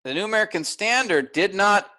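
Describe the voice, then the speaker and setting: A man's voice: sits high, expressive, fairly quick, sharp tone, poor audio. A man teaching a workshop, explaining step by step and often checking in with "all right?".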